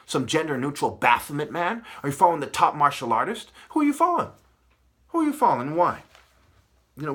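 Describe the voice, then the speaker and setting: A man delivering a heated, profane spiritual rant. He swings from low muttering to yelling. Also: slightly rough. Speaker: channel host.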